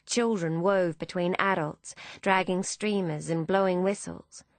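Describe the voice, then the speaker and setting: Woman audiobook narrator, low voice, measured storytelling, dry close sound. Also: fairly even intonation, no echo.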